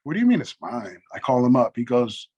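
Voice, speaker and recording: A man's voice: mid-range voice, sing-song, warm tone, husky, muffled recording. A middle-aged man telling a long, profane story in casual conversation, acting out both sides of phone calls. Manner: profane, rapid anecdotes with quoted back-and-forth. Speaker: guest.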